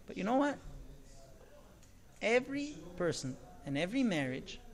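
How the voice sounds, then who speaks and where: A man's voice: high-pitched, very animated, normal speed. A man, a rabbi, gives a sermon on marriage, talking emphatically with rhetorical questions.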